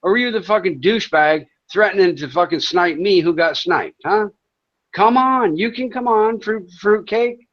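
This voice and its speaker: A man's voice: high-pitched, moderate pace. A man hosting a livestream, ranting at chat trolls in a profane, taunting, sarcastic way. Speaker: livestream host. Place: home in Thailand. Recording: dull lo-fi stream audio.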